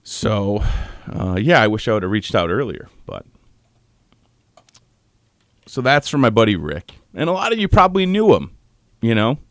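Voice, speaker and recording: A male radio host on his morning show, talking in a halting way and holding back tears, with pauses and restarts. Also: fairly low pitch, sing-song, fairly bright tone, no echo, studio quality. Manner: halting, choked up, pausing often. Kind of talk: on-air morning show tribute. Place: radio studio.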